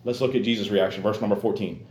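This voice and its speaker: A man preaching to a group of men, who prays earnestly and then speaks with animated, direct appeals to his listeners. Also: lowish voice, fast. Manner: earnest, pleading prayer with many "Lord" and "God" tags. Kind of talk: sermon to a men's group. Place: church meeting room. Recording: echoey room with faint ambience.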